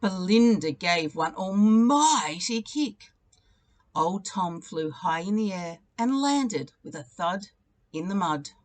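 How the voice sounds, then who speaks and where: Animated woman reading a picture book. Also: medium pitch, takes it slowly. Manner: expressive, animated storytelling with repeated refrains. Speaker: teacher.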